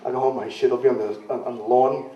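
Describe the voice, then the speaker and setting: A man's voice: medium pitch, fairly even intonation, fast talker, a little hiss or hum. Rambling man, distant and roomy. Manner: rambling, self-mocking, mimics voices in quotes. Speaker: interview guest, wrestler. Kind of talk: casual interview storytelling. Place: club venue in London. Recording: roomy, distant, dull sound.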